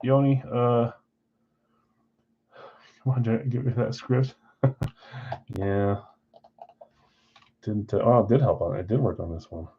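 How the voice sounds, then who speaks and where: A man's voice: medium pitch, slow pace, pauses often, muffled recording, slight background noise. A man hosting a live card break from a card shop, chatting casually while rattling off names and teams.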